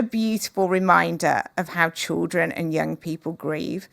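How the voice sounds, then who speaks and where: A woman guest in an interview, speaking in an earnest, measured and openhearted way. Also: lowish voice, creaky, a bit bright, no echo, studio quality. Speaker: podcast guest, author. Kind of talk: reflective interview conversation.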